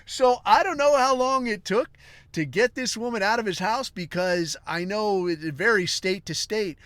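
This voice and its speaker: A man hosting a podcast, telling a long comic story in a rambling, crude way with deadpan asides. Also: sits high, moderate pace, no room sound. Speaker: podcast host.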